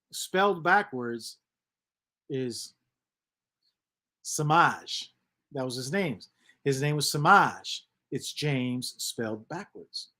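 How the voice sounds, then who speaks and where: A man's voice: on the high side, a bit bright. A man hosting a casual livestream, reading chat comments aloud and rambling on with lots of repeats and mutters.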